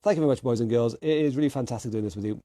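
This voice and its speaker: British fitness guy leading an online workout, pumped up, mellow tone, dry sound. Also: mid-range voice, very fast, no room sound. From United Kingdom. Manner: energetic, encouraging countdowns and calls. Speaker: fitness instructor. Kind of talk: online workout class coaching.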